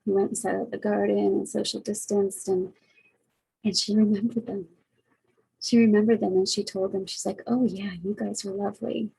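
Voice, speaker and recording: Earnest gravelly-voiced woman caregiver. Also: mid-range voice, flat delivery, normal speed, dark tone, low-quality recording. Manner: earnest, reflective, many fillers. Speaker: caregiver vlogger. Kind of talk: casual heartfelt talk to camera. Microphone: webcam, facing camera.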